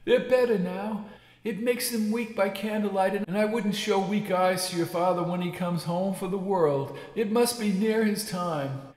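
A gentle mother speaks quietly through her grief, as a man reads her. Her voice is soft and lifted high, tender rather than loud. It suits a classic audiobook scene. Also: moderate pace, echoey room, in a large hall, natural voice, rough recording. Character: grieving gentle mother, middle-aged woman.

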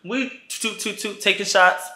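A man's voice: sits high, measured pace, pushed and bright. A man telling a casual storytime to his channel, playful and dramatic, acting out the people he quotes, in an echoey room. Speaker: vlogger.

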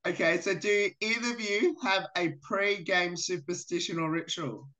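A radio interviewer with a sharp-toned, mid-range voice speaks at a moderate pace, questioning athletes over a video call. Friendly throughout, they laugh between questions.

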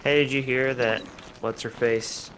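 A man's voice: mid-range voice, steady tone, a little slow, a bit bright, a little hiss or hum, low-quality recording. A man co-hosting a let's play, chatting casually and trailing off as he searches for words. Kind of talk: casual gaming chat.

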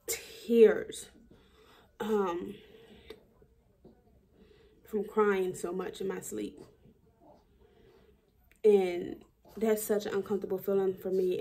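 Female vlogger, husky voice, mid pitch, thinks aloud in a rambling daily diary. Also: dark tone. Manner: reflective, rambling, with many fillers and restarts. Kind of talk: personal daily video diary.

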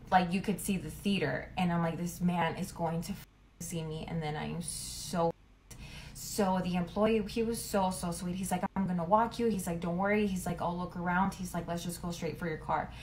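A woman's voice: lowish voice, slight background noise. A young woman retelling a story casually, chatty and full of fillers. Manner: chatty, lots of "like", dramatic retelling.

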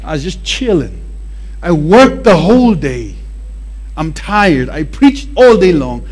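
A man's voice: on the high side, big pitch swings, slow, crowd noise. A man voicing Jesus as a weary, mildly exasperated man who casually complains to his friends.

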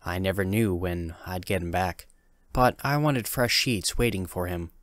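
A man with a low voice reads a first-person horror story in a calm, measured way. His delivery is steady and deliberate. The recording is dry, with no room sound. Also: dry recording. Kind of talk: scripted horror narration.

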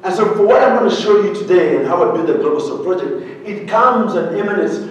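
A man from Uganda telling a humorous, animated story to an audience, often asking them questions. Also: sits high, a little fast, a little hiss or hum. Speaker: speaker. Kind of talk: storytelling keynote talk. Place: large hall with an audience. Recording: very echoey hall, heard from a distance.

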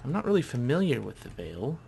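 A man's voice: mid-range voice, very animated, fast, gravelly, warm tone, slight background noise. A man casually commenting as he plays a game, chatty and thinking aloud. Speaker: gamer.

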